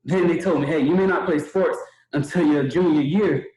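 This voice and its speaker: A young man tells a motivational story for a training webinar, acting out what the people in it said. His voice sits a little high, and the room around him is echoey. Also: normal speed. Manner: animated, acts out quoted voices. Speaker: webinar speaker.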